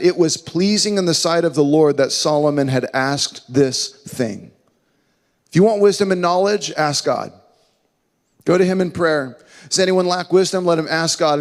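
A man preaching a sermon, earnest and emphatic, slowing down and dropping to a hush when he quotes scripture. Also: fairly high pitch. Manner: earnest, emphatic preaching with slow dramatic drops to hushed quotes. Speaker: pastor. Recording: long hall reverb.

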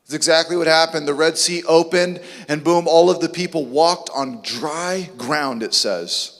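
A man's voice: fairly high pitch, a little slow, fairly bright tone, long reverb tail. A man preaching a sermon with emphatic, rhetorical questions. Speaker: pastor.

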